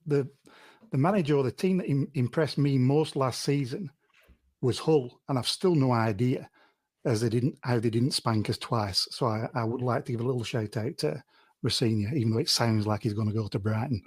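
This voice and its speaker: A man's voice: medium pitch, moderate pace, slightly rough, no room sound. A man co-hosting a casual football podcast, making brief laid-back remarks.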